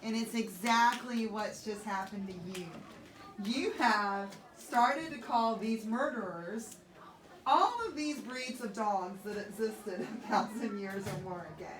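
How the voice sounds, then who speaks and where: A woman teacher explaining Shakespeare in casual modern words, playful and animated. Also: mid-range voice, echoey room, recorded from a distance. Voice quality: animated, playful, quick to rephrase. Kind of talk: lively classroom paraphrasing. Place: classroom.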